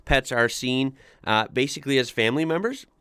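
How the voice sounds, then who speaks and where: A man's voice: medium pitch, lively intonation, brisk, sharp tone, clear, resonant tone, dry recording, clean studio sound. A man from the United States hosting a casual online reaction video, reading forum posts aloud and chatting about them with many filler words. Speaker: YouTube reaction host.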